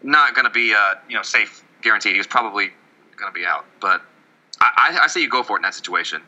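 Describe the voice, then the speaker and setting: A man co-hosting a casual baseball podcast, talking in a rambling, joking way full of stammered restarts. His voice is very bright and cutting, with the sound of a radio broadcast. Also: lowish voice, lively intonation, fast, highs cut off. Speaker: podcast co-host. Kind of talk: casual sports chat.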